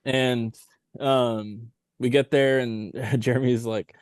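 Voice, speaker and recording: A man's voice: medium pitch, fairly even intonation, slow pace, darkish tone, clear, resonant tone, dry recording. Guest musician, male, rambling casual storyteller, close dry mic. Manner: rambling, many "like" fillers. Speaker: touring band member, podcast guest.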